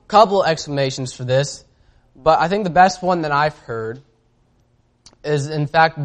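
A man preaching a sermon in a casual, conversational way, reading scripture aloud and often pausing on fillers. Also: a little high.

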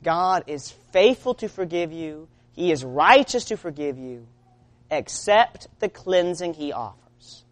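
A woman preaching a sermon in an earnest way. She moves between loud urging and quiet, low-spoken lines. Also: animated, unhurried.

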